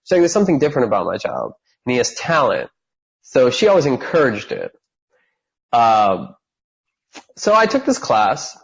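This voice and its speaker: A husky-voiced man in his thirties tells his story on a podcast. He talks with lots of energy and acts out the voices of the people in it. The recording sounds slightly dull. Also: medium pitch, normal speed, long pauses. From California. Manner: animated storyteller who acts out quoted voices. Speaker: guest.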